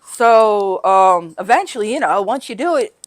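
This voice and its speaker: A middle-aged woman, a guest on a recovery podcast, telling her story candidly and haltingly, often tagging "right?" and "you know". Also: mid-range voice, expressive.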